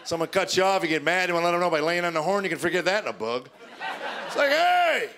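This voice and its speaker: Man, middle-aged, stand-up comic, high voice, tells stories and mimics people, live stage recording, noisy with audience laughter. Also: racing, crowd noise. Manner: storytelling, acting out other people's voices. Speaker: stand-up comedian. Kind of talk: stand-up comedy routine.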